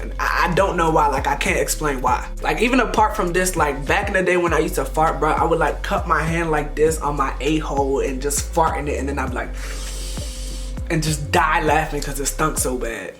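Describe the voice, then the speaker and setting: A young man in his twenties talks casually to his camera. His voice is soft and low, so quiet it almost sounds whispered. He tells his stories in a shy, relaxed, slangy way over faint background music. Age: 20s. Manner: shy, laid-back slangy storytelling. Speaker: YouTuber. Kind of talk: casual vlog chat.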